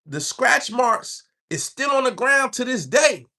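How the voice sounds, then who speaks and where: A man voicing a brash male inmate who gleefully brags about stabbing someone, in an excited drawl. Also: very high voice, measured pace, voice pushed up, heavily acted. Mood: gleeful boasting.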